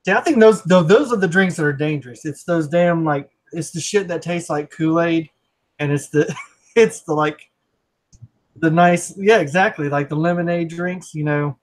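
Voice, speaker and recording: Male co-host, enthusiastic and rambling, fairly high-pitched casual talker. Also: normal speed, poor audio. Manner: rambling and enthusiastic, lots of fillers and restarts. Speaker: podcast co-host. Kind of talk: casual chat.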